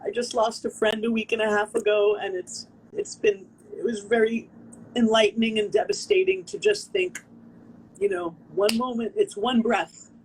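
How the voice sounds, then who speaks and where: An American woman, a performance artist, telling a personal story on a video call interview in an expressive, earnest way, acting out the people she quotes. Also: fairly high pitch, moderate pace, slight background noise, rough recording. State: tearful.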